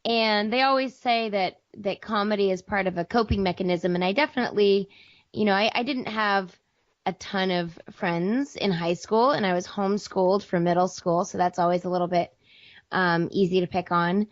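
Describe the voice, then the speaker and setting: An American woman with a slightly raspy voice, a guest actor and improviser chatting casually with lots of fillers. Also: medium pitch, normal speed, dry recording. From United States. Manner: chatty and rambling, with lots of fillers and self-deprecating laughs. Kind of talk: casual interview chat. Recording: dull lo-fi sound.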